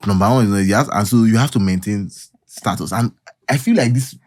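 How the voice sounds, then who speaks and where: Low-voiced Nigerian man, joking banter. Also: fast talker, darkish tone, dry recording, studio quality. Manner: joking, Pidgin-laced, laughs often. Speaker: podcast co-host. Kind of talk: casual banter.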